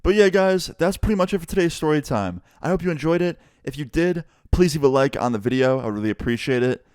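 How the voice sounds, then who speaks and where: A young man recounts a story in a casual, animated way, swearing freely. His voice is smooth and clear. The sound is close and dry, with no room around it. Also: on the high side, fast talker, no room sound. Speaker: vlogger.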